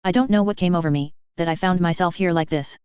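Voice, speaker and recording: A woman voicing an uncanny, predatory young woman who speaks softly and coyly. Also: fairly low pitch, quick pace, clean tone, dry recording, highs cut off, natural voice.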